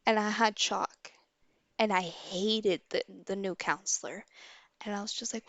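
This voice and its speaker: A young woman livestreamer telling a story from her school days in a casual, animated way, swearing freely and acting out what people said. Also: medium pitch, normal speed, no echo.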